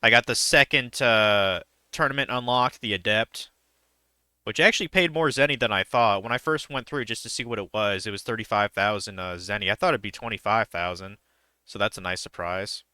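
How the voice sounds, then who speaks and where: A man's voice: lowish voice, a little fast, bright, forceful tone, smooth, no echo, studio quality. A young man streaming a game, chatting casually in a rambling, hesitant way with many fillers. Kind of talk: casual chat while gaming.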